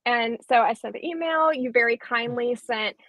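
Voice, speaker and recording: A woman's voice: a little high, normal speed, a bit bright, poor audio. A woman bookseller in a casual live-streamed chat, talking in a chatty, enthusiastic way with lots of fillers. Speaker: bookseller co-host.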